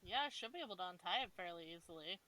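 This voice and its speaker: A woman's voice: on the low side, lively intonation, rapid-fire, sharp tone, rough recording. A woman playing a tabletop game, playful and casual, making goofy sound effects. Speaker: player. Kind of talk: casual tabletop play chat.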